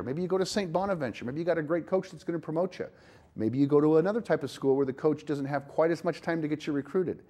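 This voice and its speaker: A man's voice: on the high side, fast, a little mellow. A middle-aged man hosting a talk show, giving earnest, folksy parenting advice with frequent restarts.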